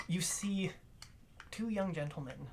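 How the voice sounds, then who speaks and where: A man's voice: high voice, unhurried, gravelly, noisy background. A man narrating a tabletop role-playing game as game master, telling the scene in a storytelling way. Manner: storytelling narration, laughs often with players.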